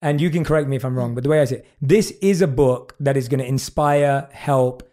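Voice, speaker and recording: A British man conducts a warm podcast interview, brisk and warm-toned at a mid-range pitch. He gushes with praise for his guest and reads passages from her book aloud.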